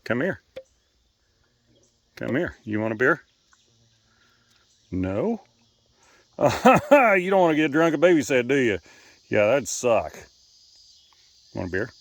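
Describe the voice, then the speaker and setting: A man's voice: medium pitch, big pitch swings, slow pace, pauses often, dry recording. A man chatting playfully to his pets outdoors by a river, teasing, coaxing and laughing often. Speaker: pet owner filming his animals. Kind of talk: casual talk to pets.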